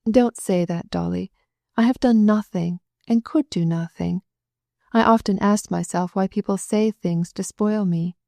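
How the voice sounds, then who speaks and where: A woman reading the part of a young noblewoman who speaks quickly and tearfully in an audiobook. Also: medium pitch, gravelly, dark tone, no echo, studio quality. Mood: confiding.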